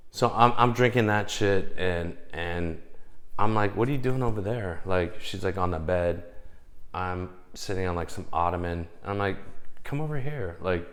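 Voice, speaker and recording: A man telling a personal story in casual, profane speech, often checking in with "okay?". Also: low-pitched. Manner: profane, emphatic, keeps asking "okay?". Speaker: vlogger.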